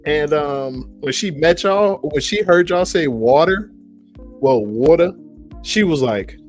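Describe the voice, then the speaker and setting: A man with a slightly higher voice hosts a podcast in an animated way, his pitch swinging widely. He reacts to others with easy laughs, with faint music in the background. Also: takes it slowly. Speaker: podcast host. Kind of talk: casual podcast chat.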